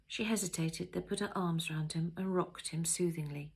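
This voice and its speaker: An older woman reads her novel aloud in a calm, even storyteller's voice. Her tone sits low, with a gravelly fry and a husky, slightly raspy edge. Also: normal speed, hardly any pauses. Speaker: author reading her novel. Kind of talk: audiobook narration.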